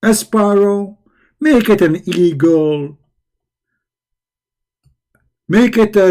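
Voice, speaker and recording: Man, debate host, mocking and combative, slightly high voice, dark mellow tone. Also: slow pace. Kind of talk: live online debate commentary.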